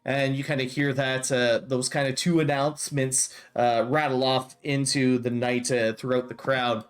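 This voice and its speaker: Game master brief: young man, relaxed narration, lots of uh and kinda, music under it. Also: mid-range voice, moderate pace. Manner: loose narration full of fillers like uh and kinda.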